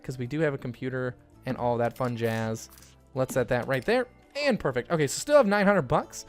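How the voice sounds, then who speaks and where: Playing a life-sim game, this man, a YouTuber, keeps up relaxed, talkative let's-play commentary. Good moments get him excited, sending his voice leaping higher.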